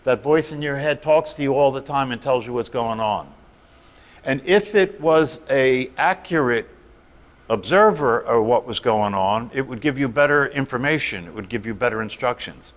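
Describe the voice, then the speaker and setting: A man's voice: medium pitch, moderate pace. A middle-aged man teaching a meditation class in a conversational way, often tossing rhetorical questions to the listeners. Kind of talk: meditation talk. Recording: long reverb of a hall.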